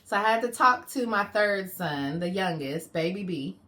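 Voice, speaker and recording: A woman's voice: medium pitch, animated, normal speed, sharp tone. A woman co-hosting a parenting vlog, telling a story in a playful, casual way. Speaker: vlog co-host. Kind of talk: casual chat.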